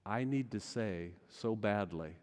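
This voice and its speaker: A man's voice: lowish voice, a little slow. Male pastor preaching in a reverberant sanctuary. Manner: dynamic, swings from loud urgency to hushed intensity. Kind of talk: sermon. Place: large church sanctuary. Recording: long church hall reverb.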